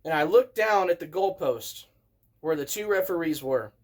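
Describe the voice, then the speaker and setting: A man in his thirties, a vlogger telling a story in an excitable, animated way as a casual rant. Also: on the high side, moderate pace. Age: 30s.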